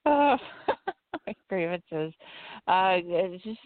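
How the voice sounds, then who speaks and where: A woman's voice: on the low side, expressive, very slow, dry recording. A woman co-hosting a casual podcast chat, wry and laughing through her lines. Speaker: podcast co-host. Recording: dry, phone-like line.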